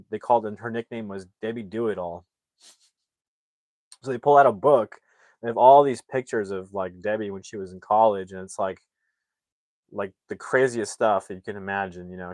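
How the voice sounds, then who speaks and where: Low-voiced man rambling through a plot. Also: darkish tone, dry recording. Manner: rambling, with many fillers and restarts. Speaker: film reviewer. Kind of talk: casual plot retelling.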